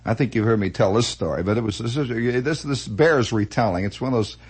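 A man telling a comic story from his childhood as a monologue, animated, acting out sound effects and voices with many restarts. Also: on the low side, a little fast, breathy edge.

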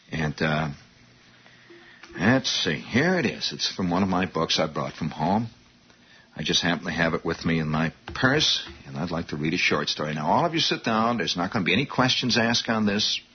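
A man's voice: low-pitched, expressive, slightly rough, pitched below the performer's own voice, full character voice. Man doing a grim, bossy schoolteacher. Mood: brisk. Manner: brisk, bossy classroom instructions. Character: strict grim woman English teacher. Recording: dull lo-fi recording.

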